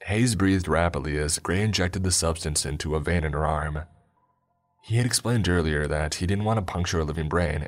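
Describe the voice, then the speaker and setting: A man giving a somber, measured scripted horror narration. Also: deep voice.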